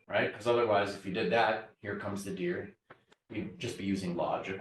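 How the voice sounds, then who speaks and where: A man's voice: fairly low pitch, fairly even intonation, moderate pace. Man lecturing in an echoey classroom. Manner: explanatory, checks in with the class by asking "right?". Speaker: university lecturer. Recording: echoey classroom, mic far off.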